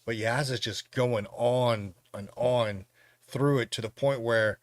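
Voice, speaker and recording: A man hosting a podcast, recapping a film's plot in a casual, animated way and laughing now and then. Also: mid-range voice, slow, no echo, clean studio sound. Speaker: podcast host reviewing a film.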